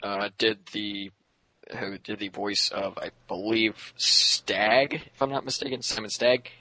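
A man co-hosting a podcast with a hoarse, nearly gone voice, making dry, wry remarks in casual chat. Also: on the low side, steady tone, unhurried, sharp tone, no echo, rough recording. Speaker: podcast co-host.

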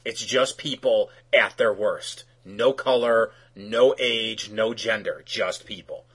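A man hosting a casual review chat, opinionated and animated, acting out characters' lines as he talks. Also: fairly low pitch, takes it slowly, husky.

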